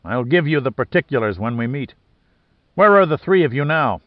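A man's voice: medium pitch, animated, normal speed, no echo, natural voice. A man reading the part of a stern, authoritative older admiral in a story, speaking in a clipped manner. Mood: relieved. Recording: dry, slightly dull lo-fi sound.

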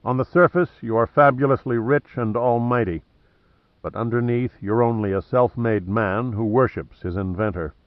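A man's voice: medium pitch, no room sound, narrow, tinny audio, lightly acted. A man playing a wry, cocky adventurer. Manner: dry, mocking and deliberate. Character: wry, cocky male adventurer, cool under threat.

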